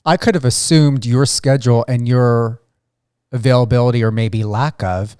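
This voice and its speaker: A man hosts a relaxed interview, reading out prepared questions in an easygoing way. His voice is smooth and clear. The recording is dry, with no room sound. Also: medium pitch, moderate pace, no room sound. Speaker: interview host.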